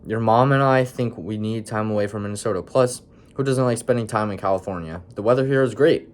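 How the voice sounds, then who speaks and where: A calm father in a storybook speaks in a steady, reassuring way and tries to persuade his family , as a young man reads him. His voice is low and close to the reader's own. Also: brisk, lightly acted.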